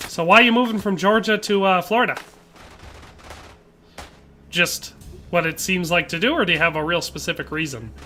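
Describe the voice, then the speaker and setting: A game streamer talks with his viewers in a relaxed, rambling way and answers their chat messages as he plays. His voice sits a little high for a man and has a bright, forceful edge. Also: moderate pace, pauses often. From Wisconsin, USA. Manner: chatty, reads viewer chat aloud and answers it. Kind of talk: casual live-stream chat while gaming.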